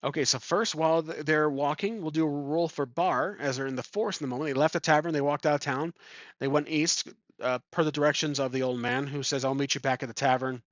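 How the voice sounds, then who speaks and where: A man's voice: fairly high pitch, brisk, no echo. Rambling man narrating a solo RPG. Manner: rambling, thinking aloud with many ums. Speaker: solo tabletop game player. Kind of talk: improvised game narration. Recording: dull lo-fi sound.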